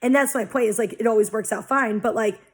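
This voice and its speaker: In a fast, husky, fairly high-pitched voice, a young adult woman vlogs casually about spiritual growth. Her monologue is blunt and loaded with profanity, and she acts out the ways she once reacted.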